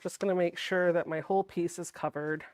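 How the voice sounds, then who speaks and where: A woman hosting a sewing livestream, talking softly and chattily as she thinks aloud while she works. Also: lowish voice, steady tone, fairly quick, no echo. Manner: soft-spoken, not projecting.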